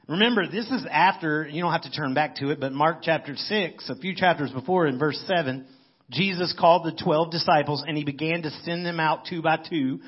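Husky-voiced man preaching a sermon. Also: fairly high pitch, muffled recording. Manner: conversational, thinking aloud. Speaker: pastor.

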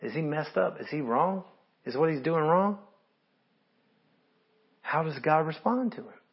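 A man's voice: on the high side, animated, unhurried, slightly rough, highs cut off. A man preaching a sermon, reading scripture aloud and commenting on it in an earnest, conversational way. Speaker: pastor.

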